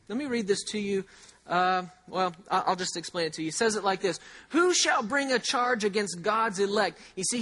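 High-voiced man preaching a sermon. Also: a bit bright. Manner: repeats key phrases slowly for emphasis; conversational, with rhetorical questions. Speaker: pastor.

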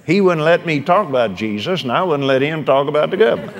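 A man's voice: a little high, lively intonation, fast talker. A man preaching a sermon, telling folksy stories and urging his listeners with fervor. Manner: folksy storytelling preacher, fervent.

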